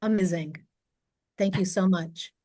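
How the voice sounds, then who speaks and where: A woman's voice: lowish voice, fairly even intonation, a little slow, dark tone, no room sound. Enthusiastic woman host, dry sound. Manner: enthusiastic, appreciative. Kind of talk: moderating a webinar.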